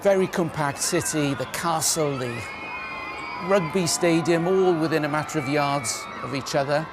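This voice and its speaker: A man's voice: a little high, normal speed, a crowd in the background. A man presenting live news commentary, talking conversationally with a guest. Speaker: broadcast presenter. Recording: broadcast with street noise behind.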